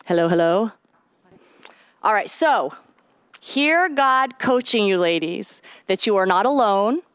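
A woman in her thirties giving a lively faith-based talk to a mothers' group, acting out the voices of the people in her stories. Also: mid-range voice. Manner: animated storytelling, acts out quoted voices.

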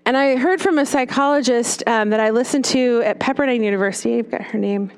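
Telling stories to an audience of parents, this woman, once a children's pastor, has a slightly high, clean voice and talks briskly. She frequently tags her sentences with "right?"

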